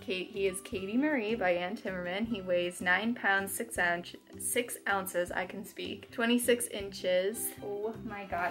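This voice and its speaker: A young woman vlogger chatting casually through an unboxing, gushing with excited squeals and gasps. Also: medium pitch, unhurried, hardly any pauses, faint music behind.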